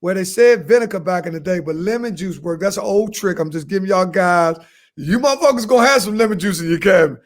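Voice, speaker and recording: A comedy podcast co-host with a high voice and quick pace gives crude advice, boastful and repetitive, laughing at his own jokes.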